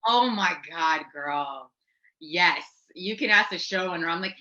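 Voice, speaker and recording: Lively woman, bright tense voice. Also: on the low side, normal speed, dull audio. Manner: animated, acts out quotes, laughs often. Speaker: actress and musician, interview guest. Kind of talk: casual interview chat.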